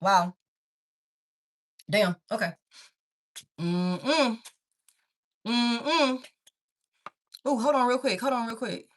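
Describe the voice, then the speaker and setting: On the high side and extremely slow, this woman pauses often as she does a casual tarot reading. She addresses viewers directly as "baby" and "y'all," rambling openly and swearing freely.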